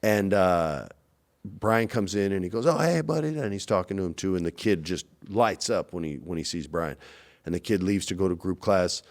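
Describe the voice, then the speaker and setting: A man in his forties, a guest in a casual interview, telling animated stories and acting out the people in them. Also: low-pitched, moderate pace. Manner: animated storyteller, acts out quoted voices.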